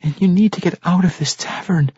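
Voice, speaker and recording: An actor reading an audiobook, voicing a gentle young halfling who pleads with his father. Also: high-pitched, brisk, breathy edge, no room sound, muffled recording, pitched above the performer's own voice. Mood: pleading. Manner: pleading, forced cheerfulness.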